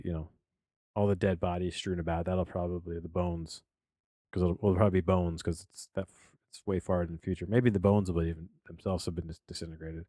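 Guy rambling through a movie review podcast from his home studio, kinda low voice, dry sound. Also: dark tone, dry recording. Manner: rambling, full of tangents and restarts. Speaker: podcast host, film reviewer. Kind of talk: casual solo podcast review.

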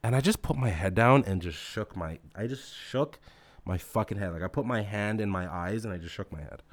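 A man's voice: fairly low pitch, brisk, no room sound. A young man who manages a store, telling a story in an exasperated, mock-incredulous rant full of swearing.

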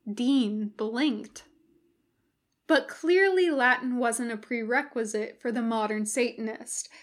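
Unhurried woman reading a story aloud. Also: a little high, fairly bright tone. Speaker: podfic reader. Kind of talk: reading fan fiction aloud.

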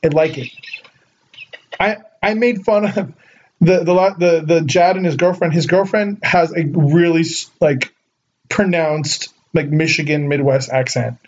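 A man's voice: fairly high pitch, measured pace. Rambling man on a muffled podcast. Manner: rambling, heavy use of filler words. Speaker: podcast co-host. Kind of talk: casual chat. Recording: muffled lo-fi recording.

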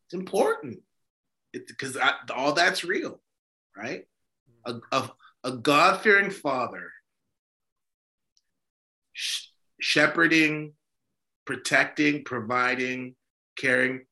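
A bright, clear-toned man talks as a priest in a relaxed faith discussion. He is emphatic and a little preachy, circling back with fillers and restarts. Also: mid-range voice, slow pace, pauses often. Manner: emphatic, preachy, self-interrupting with many fillers. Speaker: Orthodox priest and podcast host. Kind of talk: casual religious discussion.

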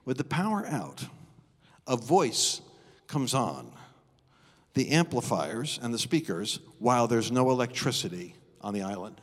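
A middle-aged man preaching live in a church, telling stories with animated, dramatic flair. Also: medium pitch, measured pace. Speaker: guest preacher. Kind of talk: live sermon storytelling. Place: church auditorium. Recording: long reverb of a church hall.

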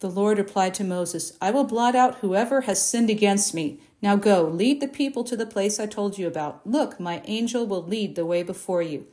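A woman reading a Bible passage aloud in a measured, expressive way, lifting her voice for the quoted speeches. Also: mid-range voice. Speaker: Bible reader. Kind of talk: scripture reading.

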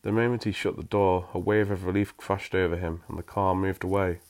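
A man's voice: sits low, steady tone, a little fast, darkish tone. A man reading a story aloud, breaking off for wry, self-mocking asides.

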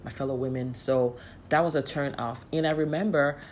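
A woman in casual storytelling, candid and lively, with exasperated asides and frequent laughs. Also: extremely low pitch, fairly quick, slight background noise.

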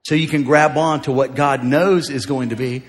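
A man preaching a sermon as pastor, moving from joking asides to shouted declarations. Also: medium pitch, fairly even intonation, moderate pace. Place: large church auditorium. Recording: live in a large hall with music behind.

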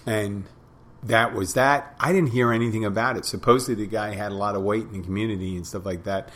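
A man working as a bartender who tells stories about customers in a plain, halting way. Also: lowish voice, fairly even intonation, a bit bright. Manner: plain-spoken, halting with restarts and fillers. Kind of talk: casual storytelling monologue.

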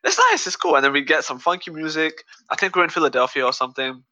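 Bright, animated guy recapping a film. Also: fairly high pitch, fast, highs cut off. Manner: animated, profane, laughs often, acts out lines. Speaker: podcast co-host. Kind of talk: casual movie recap chat.

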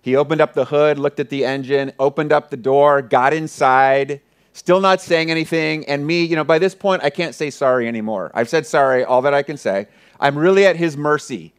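Pastor guy telling a story in his sermon, kinda high voice, gets real quiet and earnest. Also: normal speed, clean tone. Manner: earnest, vivid retelling with many soft hushed passages.

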